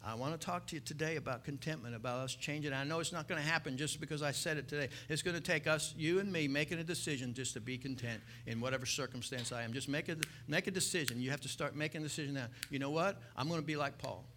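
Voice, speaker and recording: A man preaching a sermon, asking the listeners questions and swinging from loud exclamations to soft, intense passages. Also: a little high, quick pace, hardly any pauses, a little hiss or hum. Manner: asks the congregation rhetorical questions. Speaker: pastor.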